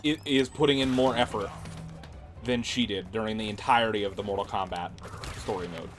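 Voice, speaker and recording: A man's voice: on the low side, brisk, faint music behind. A man streaming games, chatting casually and ranting sarcastically with plenty of swearing. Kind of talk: casual livestream chat.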